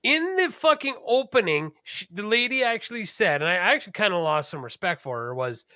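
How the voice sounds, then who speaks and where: A man co-hosting a podcast, chatting casually in a profane, rambling, animated way. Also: high voice, fairly quick, clean tone, no room sound, clean studio sound. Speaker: podcast co-host. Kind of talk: casual chat.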